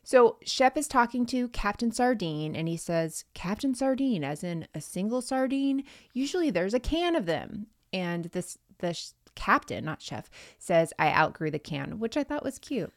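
A woman's voice: medium pitch, big pitch swings, normal speed, few pauses, no room sound, clean studio sound. A woman co-hosting a podcast, chatting casually as she recaps from her notes and acts out quotes. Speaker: podcast co-host.

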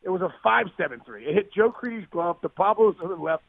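A man telling a long sports story in a podcast interview, animated and tumbling over his words with restarts. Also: sits high, fast, gravelly, husky, dry recording. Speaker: guest, former baseball player. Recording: dry, phone-like line.

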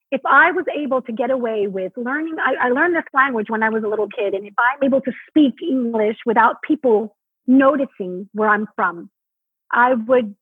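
A woman from Mexico speaks over a tinny phone line, her voice husky and a little high. She talks animatedly, restarting her sentences as she goes. The sound is dry, with no room around it. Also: no echo. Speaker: Broadway actress guest. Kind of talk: casual interview talk.

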